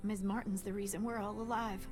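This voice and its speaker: A woman's voice: mid-range voice, flat delivery, brisk, darkish tone, faint music behind, close to an everyday voice. An actress playing an earnest young woman grieving someone who raised her, in a game. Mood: insistent.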